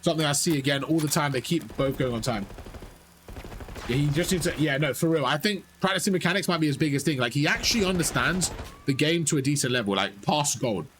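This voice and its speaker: A man's voice: on the high side, expressive, quick pace, background noise. A man giving live coaching commentary over gameplay, rattling off repeated urgent instructions and talking to his chat. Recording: game gunfire loud behind voice. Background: game gunfire and sound effects.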